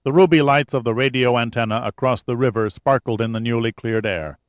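A man narrating a thriller audiobook in a measured, even manner. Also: mid-range voice, no room sound. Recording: dull, dry studio recording.

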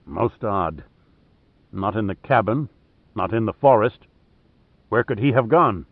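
An impatient male boss speaking over a radio, clipped and irritable, as a man reads him out. The voice is low and terse. It is narrated dialogue from a thriller audiobook. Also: animated, measured pace, dry recording, phone-quality sound.

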